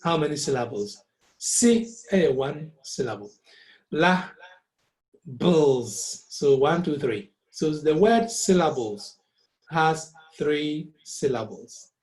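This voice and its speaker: A man's voice: fairly high pitch, lively intonation, unhurried, darkish tone, rough recording. A man teaching a music lesson over a call, explaining step by step and slipping Twi phrases into his English. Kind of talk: online lesson.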